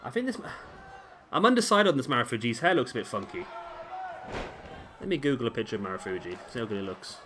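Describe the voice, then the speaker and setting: A man's voice: mid-range voice, lively intonation, fast talker, pauses often. Male game commentator, everyday mid-range voice, chatty and musing, faint hiss behind. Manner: rambling, self-questioning, chatty. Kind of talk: casual play-by-play commentary.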